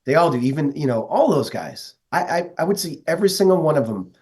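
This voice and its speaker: A man's voice: a little high, sing-song, quick pace, a little mellow, breathy edge. A man from the northeastern United States, a guest telling stories in an earnest, enthusiastic way during a casual interview. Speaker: guest, metal vocalist.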